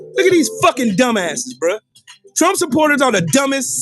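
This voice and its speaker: A man's voice: extremely high pitch, animated, normal speed, a bit bright, faint music behind. A man hosting a livestream, in a furious, profane political rant, taunting viewers with repeated questions. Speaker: livestream host.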